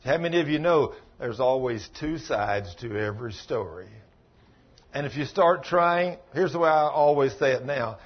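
A man's voice: mid-range voice, expressive, normal speed, breathy edge, dull audio. A man preaching a sermon as pastor, telling folksy stories in a plain-spoken, emphatic way.

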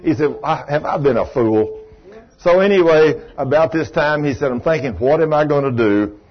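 A middle-aged man, preaching a sermon as a folksy, animated storyteller who acts out the quotes. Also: a little high, moderate pace. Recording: dull lo-fi sound.

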